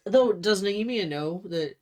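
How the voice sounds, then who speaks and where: A woman's voice: mid-range voice, animated, unhurried, darkish tone. A young woman co-hosting a book chat, chiming in with exasperated, mocking remarks. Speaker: co-host. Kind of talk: casual chat.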